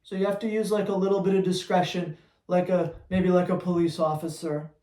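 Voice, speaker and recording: A man's voice: high voice, flat delivery, fairly quick, mellow. Man, dog trainer, blunt, teasing, roomy echo. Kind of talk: answering viewer questions.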